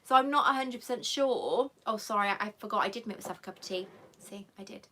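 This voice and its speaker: A woman's voice: medium pitch, fast, pushed and bright. A woman hosting a live stream, chatting affectionately with viewers in a rambling, emotional way and coming close to tears. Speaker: channel host.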